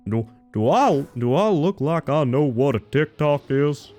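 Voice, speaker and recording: An Australian man putting on an American accent to voice a gruff, exasperated man who sells propane. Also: on the high side, expressive, unhurried, a little mellow, soft background music. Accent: American put on. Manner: exasperated rhetorical questions.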